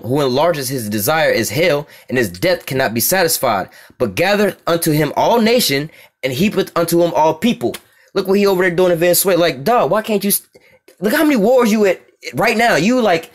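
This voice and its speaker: Fast-talking, high-voiced American man preaching. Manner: profane, blunt, keeps asking "you see what I'm saying". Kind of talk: scripture reading with street-talk commentary.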